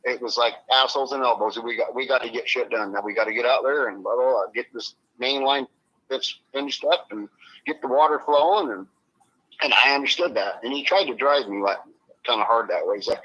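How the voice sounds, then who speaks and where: A man's voice: mid-range voice, animated, fast talker, bright, forceful tone, breathy edge, dull audio. A man speaking as an interview guest, blunt and swearing freely, his voice rising when he gets upset. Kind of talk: emotional interview on a live stream.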